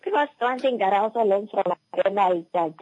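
A woman's voice: mid-range voice, fast talker, dry recording. A young woman telling a family story in casual chat, acting out what people said. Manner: relaxed, acts out quoted dialogue. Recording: slightly dull, lo-fi audio.

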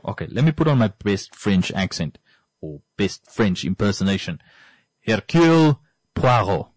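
A man's voice: deep voice, big pitch swings, moderate pace, darkish tone, husky, no room sound. A man hosting a casual monologue, rambling and repeating points for emphasis. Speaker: podcast host.

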